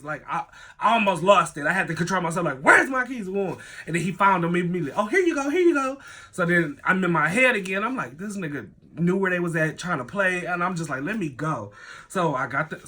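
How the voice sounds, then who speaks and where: A man telling a story to camera in casual storytime style, animated and swearing freely. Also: high-pitched, fairly quick, husky. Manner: animated, swears often, acts out quoted voices.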